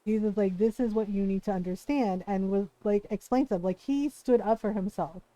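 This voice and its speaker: A woman streamer in casual chat, telling stories with lively energy and plenty of swearing. Her voice sits at an ordinary middle pitch. It is recorded dry and close, with no room sound. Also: fairly quick, dry recording, poor audio. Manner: animated storytelling, swears freely, quotes people in voices. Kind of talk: casual chat while gaming.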